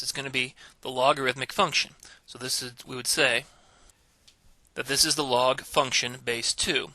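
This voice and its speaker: A man teaching a recorded math lecture, explaining patiently and slowing down to stress key terms. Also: medium pitch, bright, forceful tone, dry recording. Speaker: math instructor.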